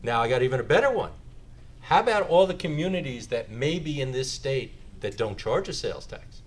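A man's voice: mid-range voice, expressive, a little fast. A man giving a lecture and taking audience questions, making joking asides as he explains. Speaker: lecturer on sales tax.

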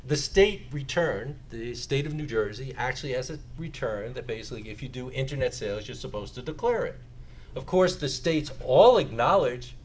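A man lecturing to a live audience, his pitch swinging widely as he drops in joking asides. A faint hum of room ambience sits under his voice. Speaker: lecturer on sales tax.

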